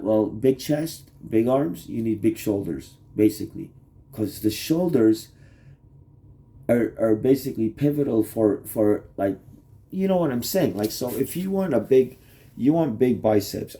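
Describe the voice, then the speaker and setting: A man's voice: mid-range voice, mellow, slightly rough. A man rambling in a casual vlog monologue to the camera, swearing and restarting his sentences as he goes. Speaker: vlogger. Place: Toronto area.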